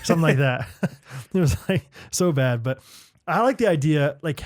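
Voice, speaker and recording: A man's voice: fairly high pitch, lively intonation, normal speed, no echo, clean studio sound. A man co-hosting a podcast in casual chat, playful and teasing, laughing easily. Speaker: podcast co-host.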